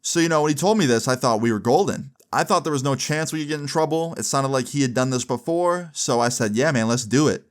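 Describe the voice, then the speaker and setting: A young man in his twenties tells a funny story in a loose, casual way. He is animated and comic, and he swears often. His voice sits at a middle pitch. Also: fast talker, hardly any pauses.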